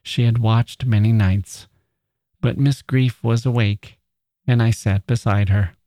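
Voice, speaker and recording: A man narrating a literary story in a slow, deliberate, measured way. His voice is mellow and low-keyed, and the recording is dry and close with no room sound. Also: fairly even intonation, no room sound. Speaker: podcast host reading a story.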